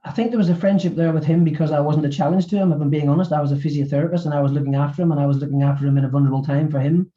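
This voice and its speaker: A middle-aged man speaks quickly in a webinar interview, stumbling over repeated words as he goes. His voice is deep and mellow, and it comes through a muffled, lo-fi recording. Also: fairly even intonation. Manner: halting, with many repeated words. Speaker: author and former physiotherapist.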